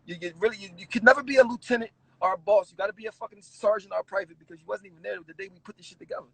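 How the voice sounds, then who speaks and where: A rapper tells stories in a casual interview, animated, swearing and laughing along the way. His high-sitting voice races, sounding creaky and husky, on a rough recording.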